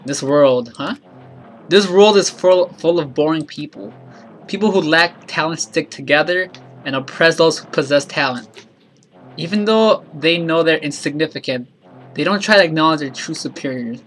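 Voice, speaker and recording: A detached young man, bored and scornful of everyone, read out by a man. His voice is slightly high and bright, with a flat, quiet read taken straight from the game's text. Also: normal speed, slight background noise, lightly acted. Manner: reading game text aloud, flat and quiet. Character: cold, aloof young man, bored and contemptuous.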